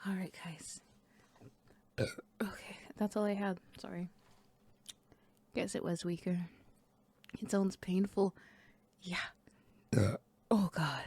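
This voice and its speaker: A woman's voice: mid-range voice, steady tone, slow, pauses often, a little mellow, husky. A young adult woman streamer in casual, crude, joking chat, often half-whispering.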